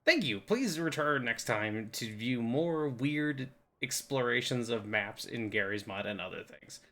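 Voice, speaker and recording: A young man rambles through a casual game map tour in a goofy, playful way. His voice sits at an ordinary middle pitch, loose and unhurried, with jokey asides. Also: sharp tone. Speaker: game video host.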